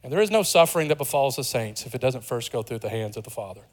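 A man preaching a sermon as pastor, earnest, dropping to a hush and then rising with emphasis. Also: mid-range voice, animated, quick pace. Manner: earnest, swings from hushed to emphatic.

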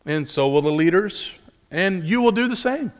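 A man's voice: high-pitched, animated, normal speed. Preaching man in a reverberant hall. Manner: earnest preaching with rhetorical questions and restarts. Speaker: pastor. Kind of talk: sermon.

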